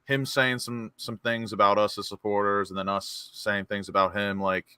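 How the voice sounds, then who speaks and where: Bright-voiced earnest football fan. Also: male voice, on the low side, flat delivery, normal speed, clean tone, no echo. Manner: earnest, pushes his point, calls people "mate". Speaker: fan panelist. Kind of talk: casual post-match chat.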